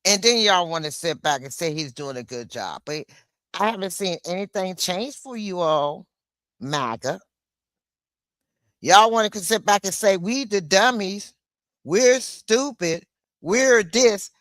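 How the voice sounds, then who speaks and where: A woman livestreaming an angry political rant, blunt and swearing, with a slow, deliberate delivery. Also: on the low side, animated, fairly bright tone, no room sound, clean studio sound.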